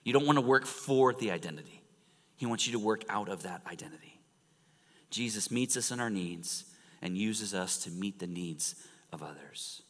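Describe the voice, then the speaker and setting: A man preaching a sermon in a church, animated and storytelling, swinging from loud emphasis to hushed near-whispers. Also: fairly low pitch, normal speed. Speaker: pastor. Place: church sanctuary. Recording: long reverb of a large church hall.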